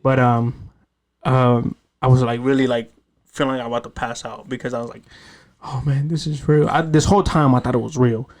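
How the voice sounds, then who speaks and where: A man's voice: mid-range voice, brisk. A man in his late twenties hosting a podcast, telling stories in a casual, swearing chat. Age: 20s. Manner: animated storytelling, heavy swearing. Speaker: podcast host.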